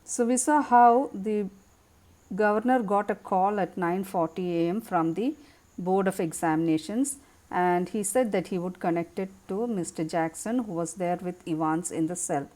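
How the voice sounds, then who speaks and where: A woman's voice: mid-range voice, normal speed, a little mellow. A woman, teaching a lesson by reading a text aloud and explaining it line by line. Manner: reads a passage aloud, then explains it in simple words. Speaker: English teacher.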